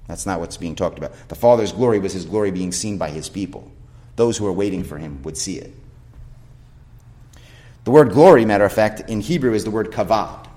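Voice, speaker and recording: A male pastor delivers a sermon in a fairly low voice. He preaches emphatically, putting rhetorical questions to his listeners and reading scripture aloud between points. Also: fast talker, warm tone.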